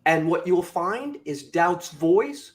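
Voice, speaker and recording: Man, motivational speaker, high voice, emphatic, preachy, lively podcast talk. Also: takes it slowly. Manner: preachy, emphatic, acts out quotes with big swings in pitch and volume. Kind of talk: animated podcast conversation.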